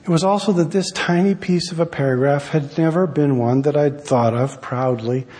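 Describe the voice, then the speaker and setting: A man, an author, reading his own essay aloud in a wry, measured storytelling manner. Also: a little high, steady tone, dark tone, slightly rough, in a large hall. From United States.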